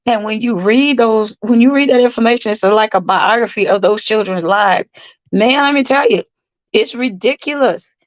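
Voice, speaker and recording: A woman's voice: a little high, normal speed, no echo, lo-fi sound. Chatty tired woman livestreaming from bed. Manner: chatty, repeats phrases, greets commenters by name. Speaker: livestream host. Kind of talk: casual livestream chat with viewers. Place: in bed at home.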